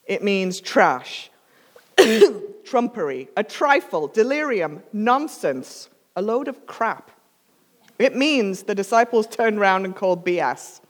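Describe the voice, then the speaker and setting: A woman preaching with a catching cough and a dry throat, setting blunt, joking asides against earnest storytelling. Her voice rings with a long reverb, and her pitch sits in the middle of the range. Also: big pitch swings, slow. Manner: casual, emphatic, humorous asides. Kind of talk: storytelling sermon.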